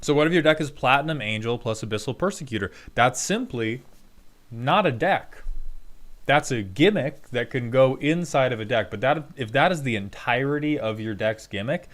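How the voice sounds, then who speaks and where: A man's voice: medium pitch, lively intonation, moderate pace, fairly bright tone. A man hosting a casual livestream, sarcastic and profane, answering chat and mock-scolding viewers. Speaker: streamer host roasting viewer decks.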